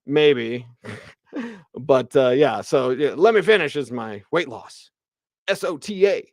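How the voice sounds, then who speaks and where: A man hosting sports radio, ranting in an animated, emphatic way about football. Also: mid-range voice, takes it slowly, creaky, no room sound, clean studio sound.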